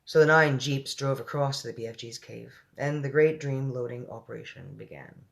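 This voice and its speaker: A woman's voice: very deep voice, normal speed, gravelly. A woman reading a children's book aloud, breaking off for chatty asides and laughing at her own slips. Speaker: storyteller.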